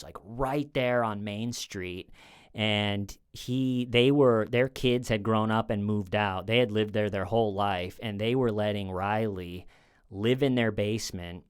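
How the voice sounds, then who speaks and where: A man's voice: lowish voice, smooth. A man in his thirties, a comedian, casually telling a rambling true-crime story at home, often restarting his sentences. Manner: rambling, with many restarts, acting out quoted people.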